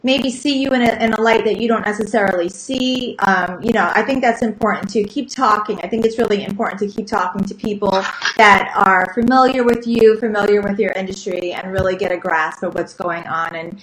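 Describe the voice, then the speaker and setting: A woman's voice: medium pitch, steady tone, a little fast, hardly any pauses, a bit bright, reverberant, a little hiss or hum, low-quality recording. A woman co-hosting a podcast in casual, rambling chat, with lots of restarts. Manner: chatty, rambling, many restarts. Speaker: podcast co-host.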